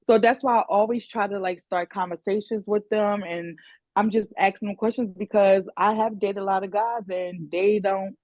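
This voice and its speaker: A woman's voice: mid-range voice, steady tone, moderate pace, darkish tone, no echo, muffled recording. A woman in a casual podcast discussion, talking candidly and a little hesitantly about her own relationships. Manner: candid, hesitant, quotes conversations.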